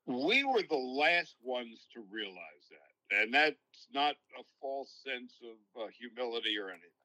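Older New broadcaster, bright and forward, spins long reflective stories as an interview guest. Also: male voice, medium pitch, very animated, measured pace, rough recording. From New York. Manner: long-winded, reflective storytelling. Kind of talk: casual interview, storytelling.

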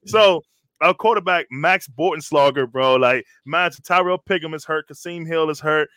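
Animated slangy man telling stories. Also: a little high, normal speed, no echo, studio quality. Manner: animated storytelling, slangy, says "bro" constantly. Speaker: podcast host, former college lineman. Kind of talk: casual chat.

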